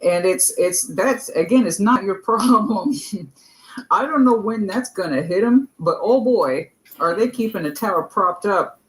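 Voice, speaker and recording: A man giving a tarot reading on a livestream, fired up and blunt, with profanity scattered through his advice. His voice sits somewhat high. The room around him is reverberant and hollow. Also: expressive, unhurried, a bit bright. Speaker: tarot reader. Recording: echoey room.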